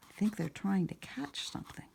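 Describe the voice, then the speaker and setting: A woman narrating a picture book at storytime, speaking softly and often slipping into a whisper, asking the listener questions. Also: mid-range voice, animated, brisk, creaky, breathy edge. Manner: soft, often sliding into a whisper.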